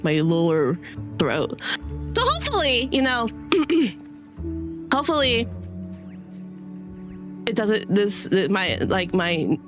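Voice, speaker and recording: A woman's voice: mid-range voice, fairly bright tone. A woman streamer chatting casually with her audience, rambling with many fillers and restarts, her throat a little dry. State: dry throat, clearing it now and then.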